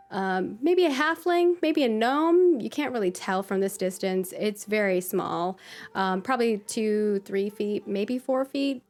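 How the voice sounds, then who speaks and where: A woman running a tabletop game as game master, describing the scene in a rambling, cheerful way full of ums and likes. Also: medium pitch.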